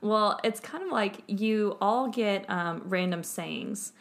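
A woman's voice: medium pitch, slow pace, vocal fry. Chatty woman telling a story. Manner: chatty, animated, laughs through the funny parts. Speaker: podcast co-host and English teacher. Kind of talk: casual chat, storytelling.

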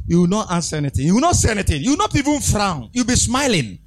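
Man preaching to his congregation: high-pitched, very animated, repeats his points and calls for responses. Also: quick pace. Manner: exhorting, call-and-response with the congregation; emphatic, repeats phrases. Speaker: pastor. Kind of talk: preaching a sermon.

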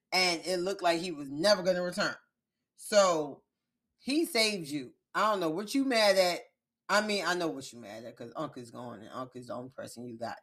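Animated woman host recapping a TV episode. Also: fairly low pitch. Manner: animated, profane, emphatic storytelling. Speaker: podcast host. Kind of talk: casual TV recap chat.

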